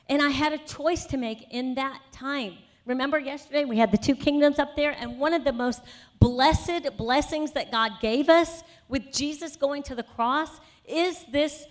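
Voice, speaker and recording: A high-pitched woman speaker shares her personal testimony in a sermon at a conference session. She tells the story conversationally, with many asides, and builds to emphatic conviction.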